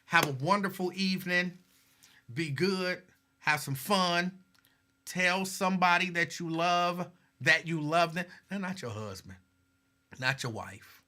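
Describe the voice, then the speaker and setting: A man hosting a live talk stream, chatting casually and reading viewer comments aloud in a laid-back, way. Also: medium pitch. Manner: laid-back, chatty, signs off with warm advice.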